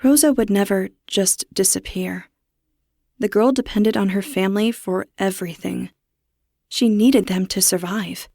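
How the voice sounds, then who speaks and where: A woman reading a first-person horror story as narrator, steady with a tense edge. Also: mid-range voice, gravelly, no room sound.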